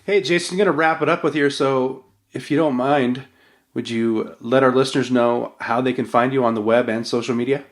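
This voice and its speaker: A man's voice: medium pitch, brisk. A man hosting a podcast, wrapping up the episode with an upbeat, promotional read aimed at his listeners. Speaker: podcast host, motorcycle tour operator. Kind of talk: podcast outro and sponsor read.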